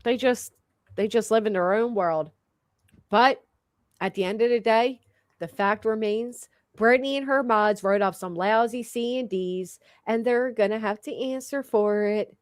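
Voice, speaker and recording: A woman's voice: on the high side, measured pace, no room sound, studio quality. A woman hosting a stream, chatting casually in a mocking tone and laughing often. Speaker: stream host. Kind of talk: casual commentary chat.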